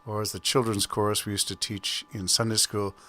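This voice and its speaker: A Canadian man in his sixties hosts a casual solo podcast from home while a thunderstorm goes on, chatty and rambling with self-amused asides. His voice is lowish and level, brisk and sharp in tone.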